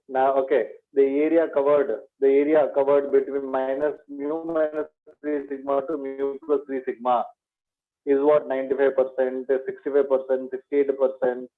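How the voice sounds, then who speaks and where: A man giving a maths revision lecture. He repeats each point as a question to his students and calls them "my dear". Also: medium pitch. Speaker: maths teacher. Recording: tinny phone-like lo-fi sound.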